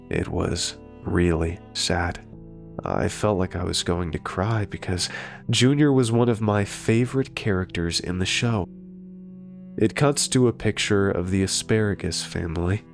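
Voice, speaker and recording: A man narrating a horror story in a slow, deliberate scripted delivery. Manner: slow, deep and gravelly delivery. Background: faint guitar music.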